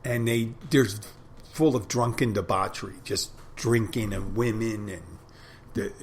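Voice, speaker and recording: Slow, low-voiced man musing aloud. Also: fairly even intonation, slight background noise. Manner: reflective, rambling with restarts. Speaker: podcast host. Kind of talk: casual monologue.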